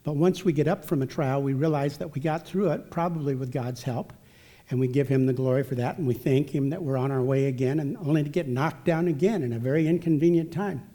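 Male speaker, slightly high, mellow voice; folksy, self-mocking storyteller at a church talk. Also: a little fast. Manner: folksy, self-deprecating, chatty. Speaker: speaker at a church family event. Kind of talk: humorous anecdotal storytelling with scripture.

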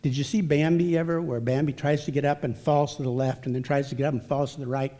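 Male speaker, slightly high, mellow voice; folksy, self-mocking storyteller at a church talk. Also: fairly even intonation, quick pace. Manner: folksy, self-deprecating, chatty. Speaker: speaker at a church family event. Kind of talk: humorous anecdotal storytelling with scripture.

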